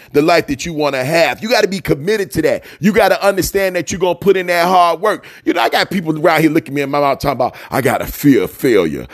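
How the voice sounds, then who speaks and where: A man hosting a motivational radio talk. He preaches in a fiery, slangy cadence, calls his listeners family, and repeats his key lines for emphasis. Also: high-pitched.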